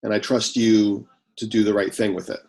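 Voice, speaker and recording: Earnest low-voiced man playing a character. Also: little pitch movement, moderate pace, creaky, darkish tone. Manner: earnest, cautious. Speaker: player. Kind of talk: in-character tabletop play.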